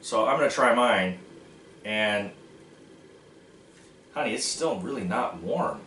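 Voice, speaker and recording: A man's voice: fairly low pitch, expressive, slow pace, bright, forceful tone, a little hiss or hum. A man hosting a casual food-tasting vlog, goofy and self-mocking as he jokes about snacks. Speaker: vlog host. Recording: echoey room from far off.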